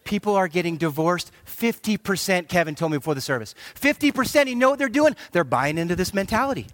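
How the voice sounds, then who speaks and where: Male pastor, middle-aged, playful preacher with a swooping, expressive delivery. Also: high-pitched, fast talker, no room sound, studio quality. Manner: animated, joking preacher who acts out quotes. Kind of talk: sermon.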